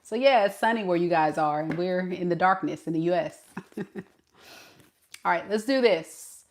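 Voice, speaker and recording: A woman's voice: on the low side, normal speed, darkish tone, slight background noise. A woman from the southern US giving a live tarot reading, chatty and laughing often as she answers her chat. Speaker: tarot reader. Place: home at night.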